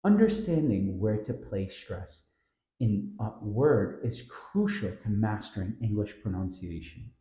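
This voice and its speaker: A man's voice: lowish voice, big pitch swings, dark tone, reverberant, dull audio. A man narrating a scripted pronunciation lesson, drawing out the words he models. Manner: slow, drawn-out model words with stressed syllables. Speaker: pronunciation teacher.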